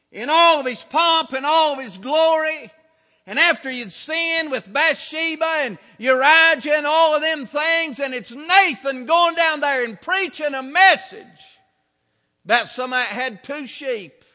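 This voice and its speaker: A man preaching a sermon, emphatic and building to shouts on his key points. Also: extremely high pitch. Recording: reverberant hall.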